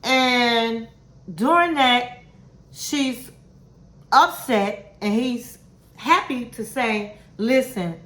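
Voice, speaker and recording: A woman's voice: on the high side, extremely slow, pauses often, bright, forceful tone. A woman hosting a casual reality TV recap, giving candid, sassy opinions and calling her viewers honey and girl. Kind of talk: casual commentary. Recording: roomy echo.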